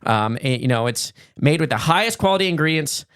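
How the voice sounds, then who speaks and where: A man's voice: a little high, animated, a little fast, fairly bright tone, clear, resonant tone, no echo, clean studio sound. A man co-hosting a podcast, chatting casually and riffing through a sponsor read with loose fillers. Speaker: podcast co-host.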